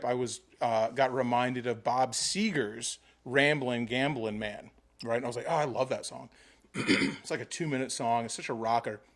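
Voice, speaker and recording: A man in casual conversation who rambles through his stories and swears freely. His pitch sits in an ordinary middle range. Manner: rambling, profane storytelling. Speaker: podcast host. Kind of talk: casual chat.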